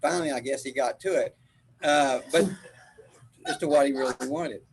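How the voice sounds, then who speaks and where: A man's voice: medium pitch, moderate pace, a little hiss or hum, poor audio. An older man, a spiritual teacher, telling a rambling story in casual group chat, laughing often.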